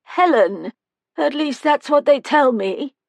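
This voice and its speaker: A tiny, wizened old woman, as a woman reader puts her on in an audiobook, her voice thin and very high. She drifts and cackles. The read is close and dry. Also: expressive, takes it slowly, creaky, dry recording, exaggerated voice. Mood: vague, wry. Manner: vague, wandering, cackles.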